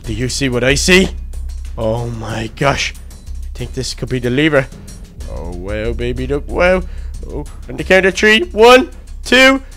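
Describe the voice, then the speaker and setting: A man narrating a game roleplay in an excitable, fretful way, full of exclamations. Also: high-pitched.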